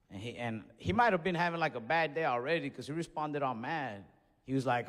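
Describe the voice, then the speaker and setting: A young man doing a stand-up comedy set on stage, telling stories in an animated way that builds to outbursts. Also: medium pitch, brisk, big-room sound. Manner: animated storytelling with escalating outbursts. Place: comedy stage before a live audience.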